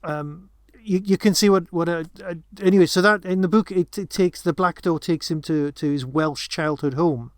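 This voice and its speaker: A man's voice: fairly high pitch, normal speed, hardly any pauses, no echo, studio quality. A man co-hosting a podcast, chatting casually about a film, rambling with many restarts and asides. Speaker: podcast co-host.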